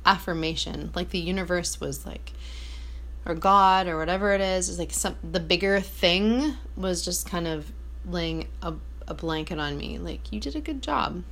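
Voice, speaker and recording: A woman's voice: fairly low pitch, a bit bright. A woman vlogging from her small apartment, talking in a casual, reflective monologue that rambles, fills with "like" and corrects itself as she goes. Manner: rambling, heavy on "like", self-correcting.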